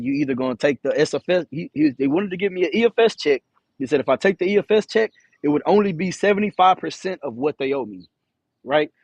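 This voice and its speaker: A man's voice: a little high, husky, no room sound. A man who drives a truck, telling a rambling, profane story to camera, stuttering and repeating himself. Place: in his truck.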